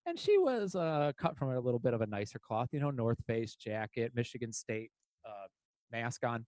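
A man chatting casually and telling animated, profane stories, talking in quick bursts. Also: mid-range voice, no echo. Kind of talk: casual chat, storytelling.

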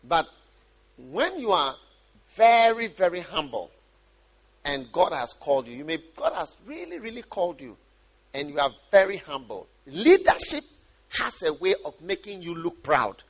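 Animated preacher man, high voice. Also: unhurried, slightly rough. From Ghana. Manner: animated, repeats and restarts phrases. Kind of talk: sermon.

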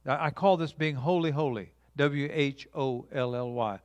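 A man preaching a sermon with emphatic delivery, swinging from loud declarations to quiet, hushed lines, and drawing the congregation into call-and-response. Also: fairly high pitch, normal speed, dry recording. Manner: emphatic preaching with dramatic shifts between loud and soft; engages audience with call-and-response. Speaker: pastor.

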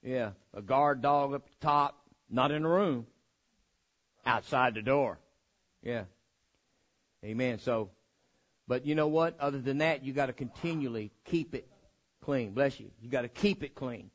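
A man's voice: medium pitch, a little slow, long pauses. Folksy male preacher, dull recording. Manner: folksy, humorous, repeats phrases for emphasis. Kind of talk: sermon with storytelling. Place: church.

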